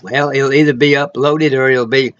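A man giving an informal, rambling sermon he records himself, full of emotional asides and sudden loud exclamations. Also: medium pitch, steady tone, moderate pace, highs cut off. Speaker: preacher.

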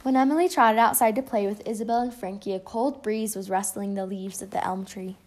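A woman reading a children's picture book aloud in a lively, expressive way. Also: medium pitch, fairly quick. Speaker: storybook reader.

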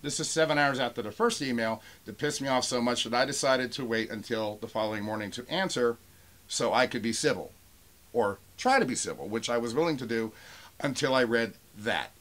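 A man with a Pittsburgh accent, ranting with real heat and sarcasm at a buyer. He swears freely, mimics the messages he reads in a mocking voice, and sits at a middle pitch with no unusual tone. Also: a little fast, fairly bright tone. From Pennsylvania. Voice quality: profane, heated, sarcastic. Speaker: toy seller and channel owner. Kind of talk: angry rant vlog.

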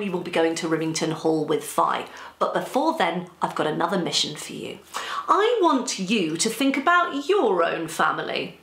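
A woman reading her story aloud and teaching children about it in a lively, playful way. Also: on the low side, normal speed, gravelly, reverberant, soft background music.

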